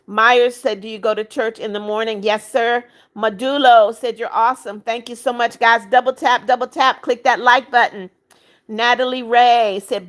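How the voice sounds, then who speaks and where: A woman's voice: a little high, fairly bright tone. Chatty woman hosting a livestream. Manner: brisk, chatty, repeats greetings, pleads for likes. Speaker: livestream host reading viewer comments. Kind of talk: casual live chat.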